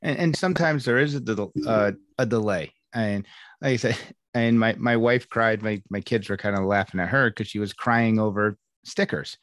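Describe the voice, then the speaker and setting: A man's voice: fairly low pitch, normal speed, fairly bright tone, no room sound, clean studio sound. A man hosting a podcast as a coach, talking casually and rambling with frequent restarts. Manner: rambling, with many restarts and "I mean". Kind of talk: casual conversation.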